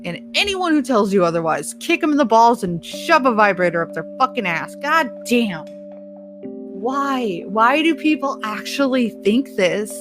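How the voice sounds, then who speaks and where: A woman hosts a casual solo podcast, ranting bluntly, swearing heavily, and laughing at her own points. Her voice is a little high and sing-song, with a measured pace, heard over music.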